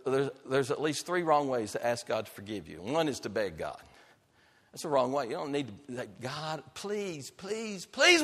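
A male pastor preaching a sermon with dynamic delivery, swinging between loud emphatic lines and soft hushed ones. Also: fairly high pitch, in a large hall.

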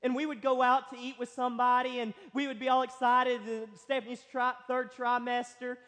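A man's voice: extremely high pitch, level tone, normal speed, a bit bright. A young male pastor, preaching a sermon and telling stories. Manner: storytelling, acts out other voices. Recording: long hall reverb.

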